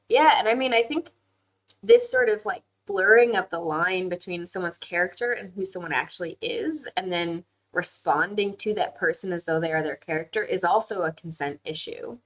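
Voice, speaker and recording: A woman's voice: medium pitch, a little slow, low-quality recording. A young woman hosting a casual livestream chat and reading viewer comments, talking freely, laughing easily and often saying "like". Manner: chatty, frequent "like" fillers, laughs easily.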